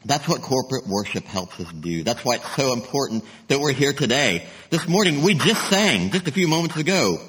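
A man preaching a sermon as pastor, emphatic, dropping to a hush to stress his points. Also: medium pitch, very animated, moderate pace, hardly any pauses. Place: church sanctuary. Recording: long reverb of a sanctuary.

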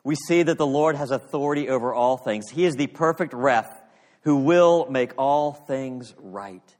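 A male pastor delivering an earnest sermon, reading scripture with dramatic pauses. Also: medium pitch, darkish tone, in a large hall.

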